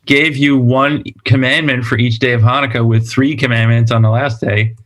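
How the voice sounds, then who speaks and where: A man's voice: mid-range voice, fairly even intonation, moderate pace, a bit bright. A man hosting a storytelling show over a video call, joking and reading out viewer comments. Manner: chatty, laughs easily, reads out comments. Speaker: host. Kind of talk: casual chat.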